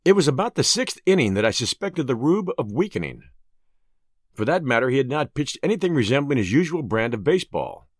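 A man hosting and narrating a classic short story audiobook with clear, expressive reading. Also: mid-range voice, no echo, clean studio sound.

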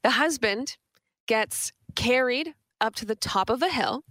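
Chatty woman radio host, higher voice. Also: unhurried, dry recording. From Southwestern Ontario, Canada. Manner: chatty, animated storyteller with frequent restarts. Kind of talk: casual radio chat. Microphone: studio microphone.

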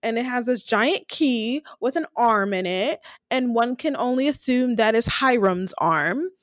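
Young woman, podcast co-host, slightly high voice, casual recap chat, acts out quotes, dry close sound. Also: unhurried, dry recording. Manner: animated retelling, acting out characters' lines.

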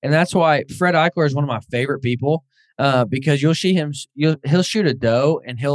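A man's voice: fairly high pitch, fairly quick, no echo. A man hosting a podcast, chatting casually and agreeably, with fillers. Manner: relaxed, agreeable, uses fillers like "like" and "uh". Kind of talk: casual chat.

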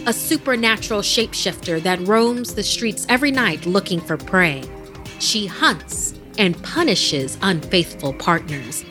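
A woman narrating a horror story podcast as its host, in a measured, dramatic storytelling voice. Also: on the low side.

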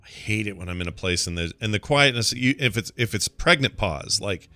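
Male podcast host, bright and swinging in pitch, dry close sound, animated and joking. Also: a little fast, no echo, soft background music. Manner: animated, jumps to high pitch when acting out remarks. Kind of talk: casual podcast chat.

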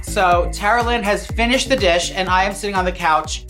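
A man's voice: high voice, normal speed, pushed and bright, soft background music. A man hosting a comedic cooking chat, camp, playful and profane. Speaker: host.

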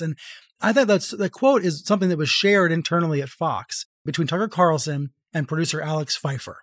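A man who is an author and journalist, explaining in a measured, clear way as a podcast guest. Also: a little high, a bit bright, no echo, studio quality. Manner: measured, explanatory, reads quotes aloud. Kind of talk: conversational interview.

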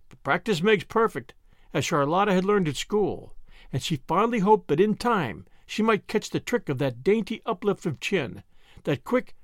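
A man reading a classic novel aloud as an expressive audiobook narrator. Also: sits high, no echo, studio quality. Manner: expressive storytelling. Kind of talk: scripted narration.

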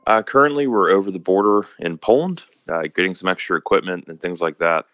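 Low-voiced young American man, halting. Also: expressive, a bit bright, muffled recording. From United States. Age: 20s. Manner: halting, with fillers and repeats. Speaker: interviewee, volunteer fighter. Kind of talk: casual interview answers.

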